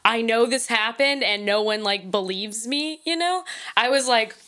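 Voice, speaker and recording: A woman's voice: a little high, moderate pace, sharp tone. A woman co-host telling a ghost story in a casual chat over a video call, with lots of fillers, acting out the voices in her story. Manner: chatty, many fillers, acts out voices in the story. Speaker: podcast co-host.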